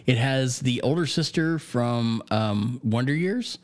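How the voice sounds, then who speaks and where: A man co-hosts a casual film podcast and cracks jokes while swearing freely. His pitch moves up and down a lot. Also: animated, slow. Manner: joking, wisecracking, swears. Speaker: podcast co-host. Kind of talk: casual movie podcast chat.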